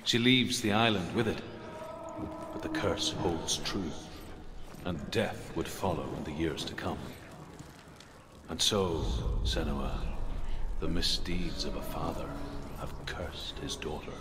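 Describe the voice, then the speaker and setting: A man narrating a legend in a grave, measured storytelling voice. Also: low voice. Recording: long reverb with steady noise.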